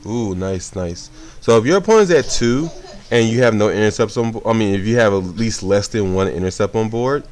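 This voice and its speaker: Low-voiced sleepy young man. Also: fairly quick. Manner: relaxed, rambling, self-correcting. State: sleepy, yawning. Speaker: card game streamer. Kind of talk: casual gameplay commentary.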